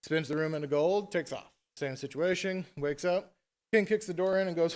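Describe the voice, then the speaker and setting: A man retelling a fairy tale at a conference in a casual, animated, chatty way. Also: a little high, moderate pace. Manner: animated, chatty, tag questions. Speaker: conference speaker. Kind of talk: casual storytelling talk.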